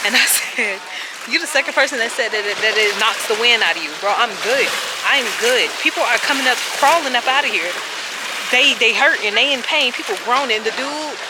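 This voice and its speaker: A young female travel vlogger films on a handheld camera by a lakeside cliff, chatting casually and joking in slang. Her voice is on the high side and fairly quick, with loud outdoor noise in the recording.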